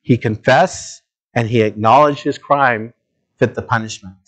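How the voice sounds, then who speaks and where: A man preaching a sermon as pastor, talking straight to his listeners and moving between low, slow emphasis and raised, urgent appeals. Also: fairly bright tone. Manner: earnest, direct address to listeners.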